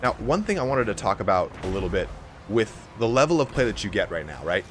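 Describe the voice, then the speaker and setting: A young man with a raspy, allergy-hoarse voice giving casual play-by-play commentary on a strategy game match. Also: lowish voice, big pitch swings, a little hiss or hum. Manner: casual, fast-flowing play-by-play with fillers. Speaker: game caster.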